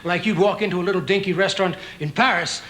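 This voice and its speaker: Comedian guest, high bright voice, jokey storyteller. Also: male voice, fast talker. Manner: jokey, anecdotal. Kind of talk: talk show chat and storytelling.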